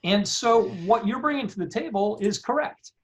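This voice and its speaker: A man's voice: high-pitched, moderate pace. A male film director talking in a casual interview, rambling with many fillers. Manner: rambling, many likes and you knows. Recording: dull lo-fi sound.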